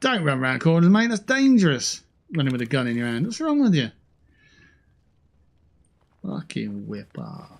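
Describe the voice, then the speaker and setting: A man's voice: mid-range voice, wildly swooping pitch, moderate pace, gravelly, pauses often. A man chatting casually on a gaming livestream, joking and swearing at opponents while he plays and talking into a headset mic. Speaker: streamer playing a shooter game.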